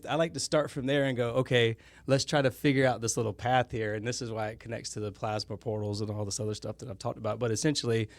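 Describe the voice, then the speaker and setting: In a dry recording, a man with a medium-pitched voice chats casually as a podcast guest. He rambles and frequently corrects himself mid-thought.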